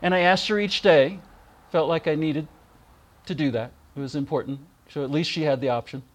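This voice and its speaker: A middle-aged man gently and warmly telling personal stories in a remembrance talk, with soft pauses. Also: on the high side. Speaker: speaker giving a spiritual reflection.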